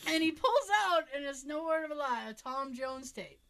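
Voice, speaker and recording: A woman's voice: high-pitched, expressive, normal speed, a bit bright. A woman chatting casually, telling funny family stories with lots of swearing and laughter. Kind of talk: casual chat.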